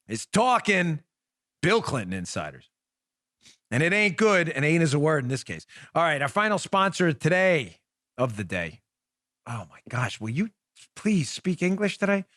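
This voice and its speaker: Animated man hosting a talk podcast. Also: a little high, no room sound, clean studio sound. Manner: sarcastic mock-pleading, rambling with restarts. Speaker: podcast host. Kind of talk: animated political talk show monologue. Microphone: studio microphone.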